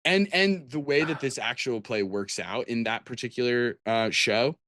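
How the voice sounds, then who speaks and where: A male podcast co-host with a mid-range, fairly bright voice talks at a moderate pace about tabletop games. His chat is casual and rambling with many restarts, recorded dry in studio quality.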